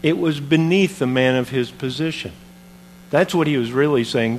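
A man preaching a sermon, retelling a Bible story in an animated, conversational way with modern comparisons. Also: mid-range voice, moderate pace, a little hiss or hum.

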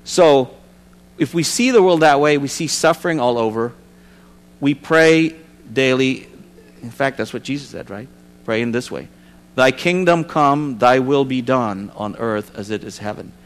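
A man's voice: medium pitch, normal speed. A man giving an informal sermon, reading scripture aloud and adding conversational asides with frequent restarts. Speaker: preacher. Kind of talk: informal Bible study sermon.

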